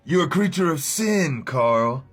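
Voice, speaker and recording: A man voicing a low mocking evil entity. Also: lively intonation, soft background music. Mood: gloating. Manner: low, slow, taunting with chuckles. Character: sinister cosmic evil entity, mocking and gloating.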